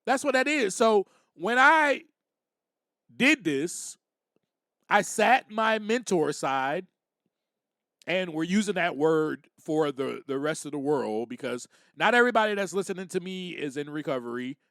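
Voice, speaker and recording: A man's voice: high-pitched, lively intonation, a little slow, sharp tone, no echo, clean studio sound. A man hosting a podcast, giving a personal recovery talk and acting out little quotes, repeating phrases as he goes. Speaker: podcast host.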